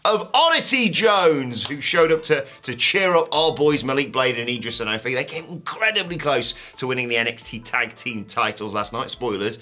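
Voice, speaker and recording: A man's voice: mid-range voice, lively intonation, normal speed, few pauses, bright, forceful tone. Chatty man hosting wrestling news. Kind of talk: casual podcast chat.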